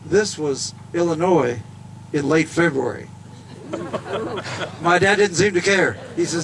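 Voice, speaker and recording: A man's voice: on the high side, takes it slowly, long pauses, background noise. A man telling a story to a crowd outdoors in an earnest, folksy manner. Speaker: speaker at a golf event. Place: outdoors at a golf course.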